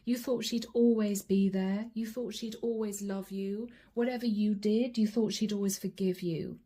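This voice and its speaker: A woman's voice: medium pitch, fairly even intonation, moderate pace, mellow. A woman doing a channeled tarot reading, chatting directly to her viewers as she reads the cards aloud. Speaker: tarot card reader.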